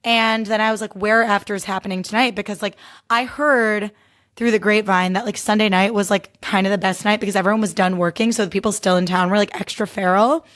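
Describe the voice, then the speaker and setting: Young woman, podcast host, casual solo chat, candid, says "like" constantly, mid-pitched voice. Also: steady tone, brisk, a bit bright. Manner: chatty and candid, heavy use of "like".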